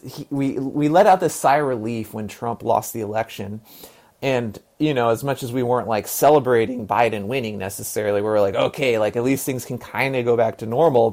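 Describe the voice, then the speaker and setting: A man's voice: mid-range voice, a little mellow. A man in his forties from the US South, talking casually as an interview guest, rambling with lots of fillers and repeated words and the odd swear. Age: 40s.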